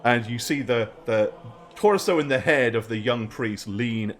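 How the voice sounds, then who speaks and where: A man narrating a tabletop game as game master, relaxed and chatty with fillers. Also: mid-range voice, measured pace, a little hiss or hum.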